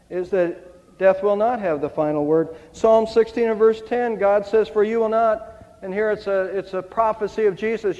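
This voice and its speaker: A man's voice: high voice, darkish tone. An older man preaching an Easter sermon, reading scripture aloud with emphasis. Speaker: pastor. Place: church sanctuary. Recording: dull sound with long hall reverb.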